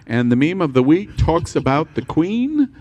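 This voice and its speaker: A man hosting a live-streamed panel talk show, upbeat and quick to laugh, cutting in on his guests. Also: fairly high pitch, lo-fi sound. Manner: lively, laughing, interrupts guests.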